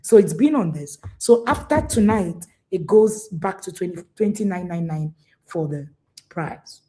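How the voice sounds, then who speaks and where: Woman, Igbo speaker, parenting coach, emphatic, repetitive, mellow voice. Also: on the low side, measured pace. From Nigeria. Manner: animated, emphatic, repeats herself. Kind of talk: live-streamed talk.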